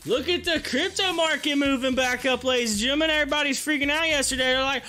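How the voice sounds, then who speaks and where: A man hosting a live stock-market stream, chatting excitably with his viewers and reading their comments aloud. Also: very high-pitched, a little fast, hardly any pauses, soft background music.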